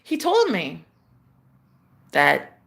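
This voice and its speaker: A young woman hosting a livestream, telling a rambling story in a casual, animated way, swearing and swinging between loud outbursts and hushed murmurs. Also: lowish voice, drawn-out words, creaky. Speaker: livestream host.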